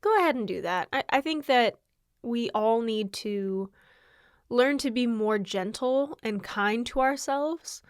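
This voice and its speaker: This podcast host, a young adult woman with a slightly high, clean-toned voice, talks at a measured pace on a dry, clean studio recording. She's tired but candid, drifting from topic to topic and breaking into laughter often.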